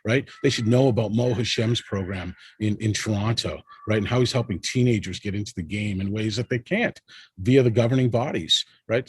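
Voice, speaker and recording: A man's voice: on the low side, normal speed, breathy edge. A man speaking as a panel guest in an impassioned discussion, emphatic and rallying, often tagging his points with "right?".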